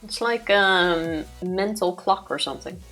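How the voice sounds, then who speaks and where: A woman co-hosting a live stream in casual chat, with drawn-out, laughing asides. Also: lowish voice, a bit bright, faint music behind. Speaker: streamer co-host.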